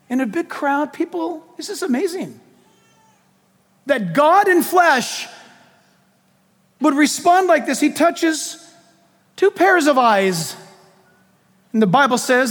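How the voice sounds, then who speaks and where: A man preaching a sermon in an animated, joking way, putting questions to his audience. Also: very high voice, slow pace, long pauses, big-room sound.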